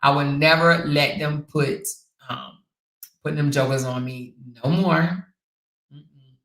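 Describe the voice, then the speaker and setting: A woman hosting a casual livestream, telling stories and reading viewer comments in an animated, sassy way. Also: deep voice, takes it slowly. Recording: roomy echo.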